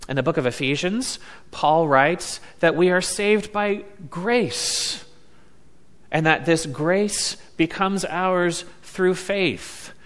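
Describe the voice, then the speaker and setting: A man preaching a sermon as a pastor, slow and deliberate, leaning on words with emphatic pauses. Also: high voice, a bit bright, smooth. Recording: long reverb of a large hall.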